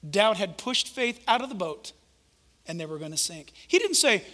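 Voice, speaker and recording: A male preacher giving an animated, conversational sermon and acting out the quotes he tells. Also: high-pitched, moderate pace. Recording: echoey hall reverb.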